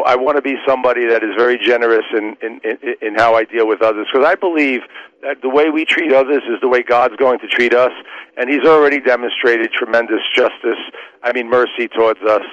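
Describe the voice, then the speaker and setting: A man's voice: medium pitch, no room sound. A man who works as a trial lawyer, a guest on a radio interview, explaining his points earnestly in persuasive, lawyerly terms. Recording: dull lo-fi radio sound.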